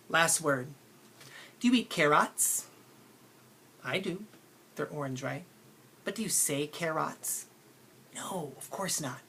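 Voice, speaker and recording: A woman teacher talks children through a phonics lesson, patient and playful, drawing out sounds so they can hear them. Her voice is fairly low and breathy. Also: a bit bright.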